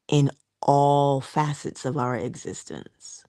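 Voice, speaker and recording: A woman's voice: sits low, a little slow, pauses often, a little mellow, dry recording, clean studio sound. A woman hosting a live morning inspirational talk, speaking earnestly and emphatically and repeating her key words. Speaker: host of a morning inspirational livestream.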